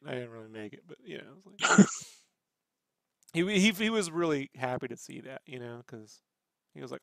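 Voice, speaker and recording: A man's voice: medium pitch, a little fast, vocal fry, a bit bright, no room sound, studio quality. A man hosting a casual chat, telling rambling stories full of swearing. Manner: rambling, profane storytelling. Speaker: podcast host.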